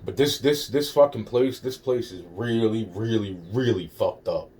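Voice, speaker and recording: A man's voice: lowish voice, normal speed, a little mellow, slight background noise. A man rambling through a personal story in a vlog, swearing heavily, repeating himself and acting out quoted dialogue. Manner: rambling, profane, many restarts and quoted dialogue. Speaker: vlogger telling a personal story.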